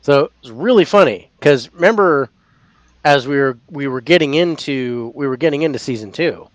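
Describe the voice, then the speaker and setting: A man co-hosting a casual paranormal podcast, telling a story with lively acted-out reactions. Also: medium pitch, normal speed, no echo. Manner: animated storyteller, acts out his own reactions loudly. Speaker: podcast co-host.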